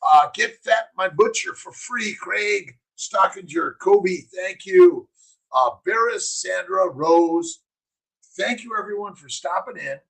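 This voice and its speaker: Man, high gravelly voice, husky, rambling live-stream host, upbeat, bursts of shouting. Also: animated, slow pace, poor audio. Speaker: doctor hosting a morning live stream. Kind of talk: casual live-stream chat reading viewer comments.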